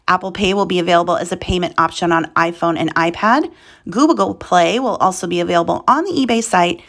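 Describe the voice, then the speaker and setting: A woman's voice: mid-range voice, fairly bright tone. An American woman hosting her channel, reading selling-platform news aloud and breaking off for wry, chatty asides and self-mocking stumbles. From United States. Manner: chatty, wry asides, stumbles over words and laughs at herself. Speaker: reseller and channel host.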